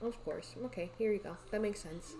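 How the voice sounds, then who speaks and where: A young woman talks through a life-sim game in casual commentary. She scolds and cheers the characters on screen, her voice at a middle pitch, and keeps sighing out exasperated exclamations. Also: a little fast, warm tone. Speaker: gaming YouTuber.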